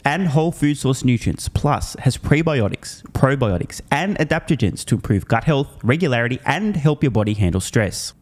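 Male finance host at an average pitch, casual and sarcastic, animated commentary. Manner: animated, sarcastic, laughs and swears in disbelief; upbeat sponsor read.

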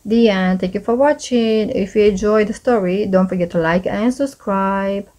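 A woman reading a children's storybook aloud, expressive and animated. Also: mid-range voice, normal speed.

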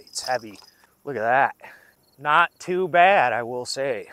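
A young fishing vlogger jokes and rambles to his viewers in casual narration as he fishes by a river at night. His medium-pitched voice is expressive, slow, and pushed and bright.

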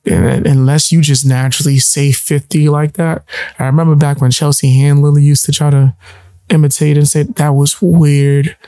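A man's voice: fairly high pitch, flat delivery, normal speed, dark tone, no room sound, studio quality. A man co-hosting a casual chat, laid back and rambling in asides. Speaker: co-host.

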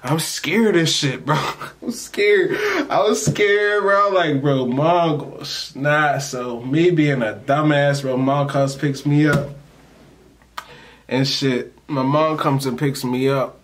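A storytime vlogger talks to camera in a fairly high voice, taking his time, with a faint hiss or hum underneath. His telling is loose, slangy and rambling, and he keeps cracking up. He's animated throughout, acting out the people he quotes.

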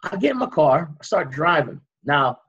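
A man, a guest on an interview show, recounting a dramatic personal story with vivid, animated reenactments. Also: on the high side, moderate pace, breathy edge, dull audio.

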